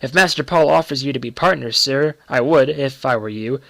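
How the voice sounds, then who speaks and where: A man playing a deferential, secretive groom who speaks respectfully in a hushed, confiding manner. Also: medium pitch, a little fast, creaky, dry recording.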